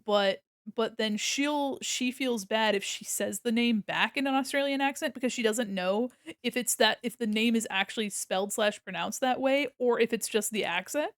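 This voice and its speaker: An American art streamer chats while drawing on stream, her voice fairly high and her pace moderate. She's chatty and giggly, thinking aloud as she works. The sound is dry and close, with no room sound.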